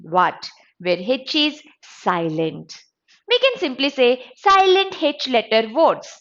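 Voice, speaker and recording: A woman teaching an exam-prep grammar lesson, repeating each sound slowly to drill it. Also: sits high, big pitch swings, fairly bright tone. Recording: dull lo-fi audio.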